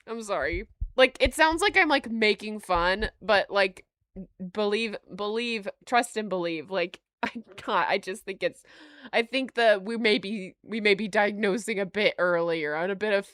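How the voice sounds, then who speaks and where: A woman hosting a live stream, reading notes aloud and reacting to chat with frequent laughter and animated asides. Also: a little high, measured pace, no room sound, studio quality. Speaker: livestream host.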